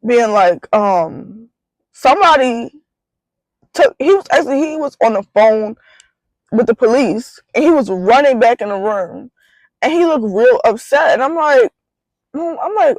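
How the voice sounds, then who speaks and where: A young woman, retelling a bad day in a casual vlog with animated disbelief. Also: fairly high pitch, a little slow, dry recording, rough recording. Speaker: vlogger.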